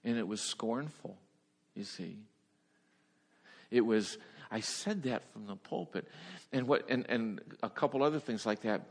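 A man preaching a personal testimony, who drops to a hush and then breaks into high laughing bursts. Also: measured pace, creaky, pauses often, big-room sound. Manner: storytelling, swings from hushed to laughing high bursts. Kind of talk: sermon testimony.

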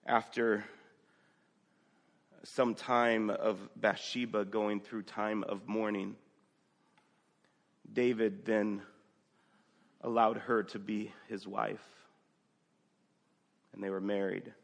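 A man's voice: lowish voice, level tone, slow, gravelly, pauses often, in a large hall. A male pastor preaching a sermon, telling a story conversationally and reading scripture aloud.

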